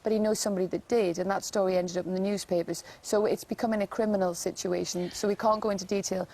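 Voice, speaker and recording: A woman giving an insistent, emotional TV interview, talking fast with many fillers. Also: mid-range voice, steady tone, gravelly, mellow, rough recording. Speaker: interview guest.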